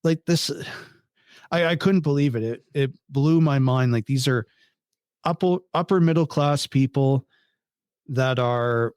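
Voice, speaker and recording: A man as a podcast guest, telling a story in casual chat, animated and incredulous, swearing freely. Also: medium pitch, unhurried, pauses often, smooth, dry recording, clean studio sound.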